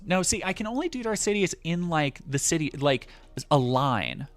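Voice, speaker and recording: Animated sarcastic male streamer. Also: a little high, moderate pace, soft background music. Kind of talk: live-stream commentary.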